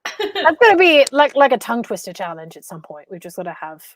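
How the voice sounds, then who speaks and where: A woman's voice: a little high, very animated, fairly quick. A woman hosting a casual chat, talking in a rambling, giggly way. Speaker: host. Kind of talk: casual chat on a live stream.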